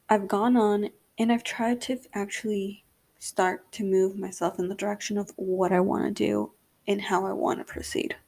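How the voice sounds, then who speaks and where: A woman's voice: on the high side, creaky, dark tone. A young adult woman hosting a solo podcast, talking candidly and rambling with lots of fillers. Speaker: podcast host. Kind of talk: casual solo podcast monologue.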